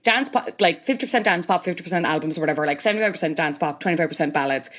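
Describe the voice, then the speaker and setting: A woman's voice: sits low, expressive, very fast, a bit bright. A woman hosting a podcast, chatty and opinionated, talking in long run-on sentences. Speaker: podcast host. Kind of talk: casual podcast chat.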